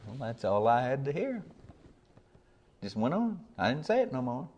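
A man's voice: mid-range voice, sing-song, moderate pace, long pauses, darkish tone, slightly rough, muffled recording. An older man, a preacher giving a sermon in a folksy, plainspoken way, earnest and building to emphatic peaks.

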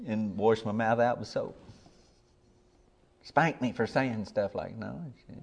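A man's voice: medium pitch, measured pace, gravelly, darkish tone, breathy edge. An older man, a preacher giving a sermon in a folksy, plainspoken way, earnest and building to emphatic peaks.

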